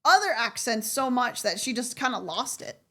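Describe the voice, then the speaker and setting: A woman's voice: a little high, sing-song, fairly bright tone, a little hiss or hum. A young woman streamer with a faint Southern US accent, chatting casually with viewers in a rambling way, full of "like" and restarts. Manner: rambling, heavy on "like" and restarts, quick laughs.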